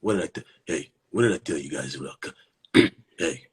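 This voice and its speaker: A man voicing a gruff grown man who barks at kids to get off his turf. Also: extremely low pitch, expressive, moderate pace, voice pushed down, exaggerated voice. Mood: gruff scolding. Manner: barking, bossy, repetitive.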